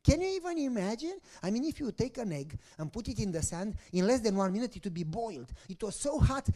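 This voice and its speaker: Preaching a story-driven sermon, this pastor speaks high and sing-song at a slightly quick pace. He poses rhetorical questions to his congregation and swings from hushed phrases to loud outbursts.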